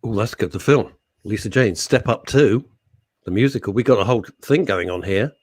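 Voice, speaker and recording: A man's voice: lowish voice, normal speed, no room sound, clean studio sound. A man co-hosting a radio chat show, reading listener messages with jokey, teasing banter. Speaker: radio co-host.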